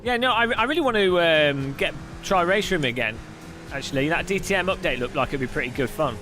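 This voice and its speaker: A man's voice: on the high side, expressive, a little fast, sharp tone, faint music behind. A man chatting casually on a live sim racing stream, reading viewers' messages aloud and laughing often.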